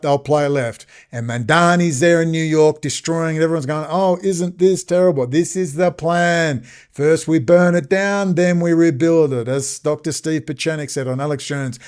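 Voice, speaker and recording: A man's voice: medium pitch, a little mellow. A man ranting sarcastically in a rambling video commentary.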